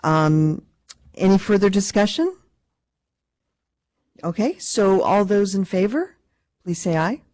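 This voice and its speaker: A woman chairing a commission meeting, calling for motions and votes in a brisk, procedural way. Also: mid-range voice, expressive, a little mellow, dry recording.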